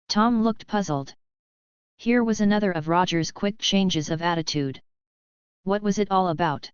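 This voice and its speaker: A woman narrating an audiobook in a steady, measured reading. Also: fairly low pitch, smooth, no echo, lo-fi sound. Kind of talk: scripted narration.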